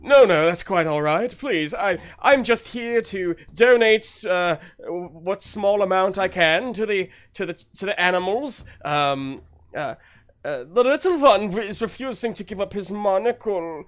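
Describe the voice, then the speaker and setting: A man voicing a pompous, nervous gentleman who fusses and stammers. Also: sits high, lively intonation, unhurried, voice pushed up. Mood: flustered. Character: pompous nervous man fussing over a monocle.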